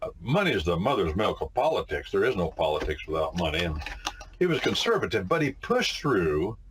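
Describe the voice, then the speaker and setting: A man's voice: sits low, big pitch swings, fairly quick, slight background noise. A man teaching civics in an informal lecture, emphatic and folksy, often saying "my friends" and repeating "no, no, no" for stress. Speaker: lawyer teaching a civics catechism.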